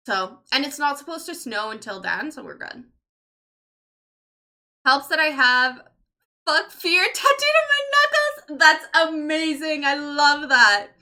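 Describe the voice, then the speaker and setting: Woman streamer in her thirties, bright piercing voice, rambly casual chat, heavy on "like" and swearing. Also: on the high side. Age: 30s. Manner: rambling, lots of "like", swears freely. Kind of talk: casual livestream chat, reading chat.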